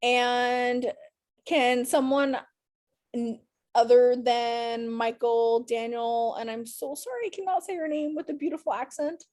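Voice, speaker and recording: Her voice high-ish, steady and a little mellow, a woman unhurriedly leads an online class via video call. Worn from a day of teaching, she still keeps things chatty, encouraging and upbeat for her students.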